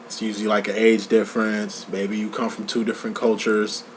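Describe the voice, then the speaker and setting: A man giving a casual tarot reading, talking in a profane, slang-heavy, animated storytelling way. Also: on the low side, a little fast, slight background noise. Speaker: tarot reader. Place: lives in Chicago.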